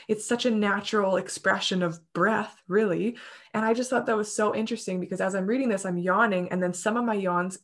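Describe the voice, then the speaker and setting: A woman co-hosting a casual chat about breathwork, telling stories in a gushing, animated way. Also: mid-range voice, creaky.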